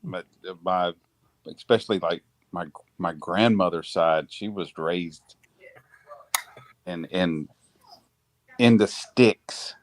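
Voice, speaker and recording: A man's voice: low voice, slow, pauses often, dry recording. A man chatting on a livestream, joking and asking stumbling questions. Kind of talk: casual chat.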